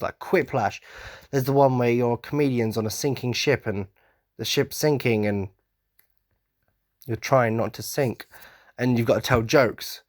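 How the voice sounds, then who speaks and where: A man's voice: fairly low pitch, dry recording, clean studio sound. Rambling man hosting a podcast. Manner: rambling, goes off on tangents; enthusiastic and self-mocking. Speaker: podcast host. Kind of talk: casual solo podcast rant.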